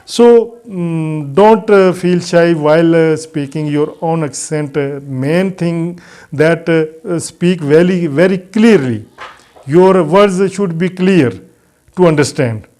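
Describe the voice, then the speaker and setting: A man teaching a spoken English lesson in a non-native English accent, pausing often with "uh" and giving earnest advice. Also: on the high side, darkish tone. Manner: hesitant, frequent "uh" fillers, earnest advice.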